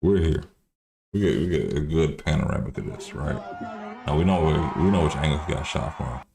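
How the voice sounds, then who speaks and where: A man's voice: a bass voice, expressive, brisk, creaky, crowd noise. A man hosting a livestream, giving loose, profane political commentary with many restarts. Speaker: livestream host.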